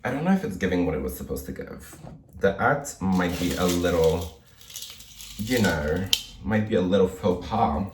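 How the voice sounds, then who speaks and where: A man's voice: sits low, expressive, normal speed, reverberant, far from the mic, noisy background. A man talking casually to his viewers as a makeup vlogger, chatty, playful and self-mocking, with the odd swear. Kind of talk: casual chat to camera.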